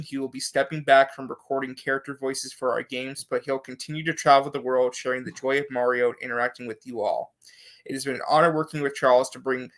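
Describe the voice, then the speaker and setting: A man hosts a live stream with a casual, everyday delivery. His voice sits at a medium pitch as he reads a news statement aloud. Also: a bit bright. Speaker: host.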